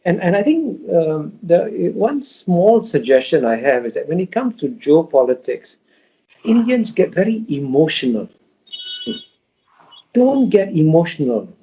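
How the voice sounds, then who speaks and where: A man answering interview questions in an emphatic, lecturing manner, with frequent restarts as he builds his point. His voice is mellow and somewhat dark. The audio sounds dull and lo-fi. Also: fairly high pitch, very animated, unhurried. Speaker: interview guest.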